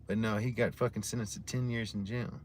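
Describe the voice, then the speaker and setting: A man's voice: on the low side, level tone, a little fast, slight background noise. A man casually telling stories to his livestream audience in a rambling, heavily profane way while drinking a beer. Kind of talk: casual storytelling chat to a live audience.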